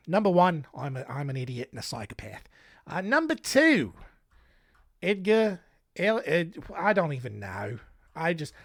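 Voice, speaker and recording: A man's voice: on the high side, no echo, studio quality. An American man hosting a podcast in a put-on Australian accent that drifts toward British, Scottish and Irish, talking casually with rambling, self-mocking asides. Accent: put-on Australian accent that wanders toward British, Scottish and Irish. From United States. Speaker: podcast host.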